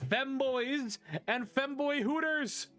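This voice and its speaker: A man's voice: extremely high pitch, sharp tone, faint music behind, pitched above the performer's own voice, exaggerated voice. A man doing a grandiose presidential candidate. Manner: slow, grand speechmaking. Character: pompous male presidential candidate.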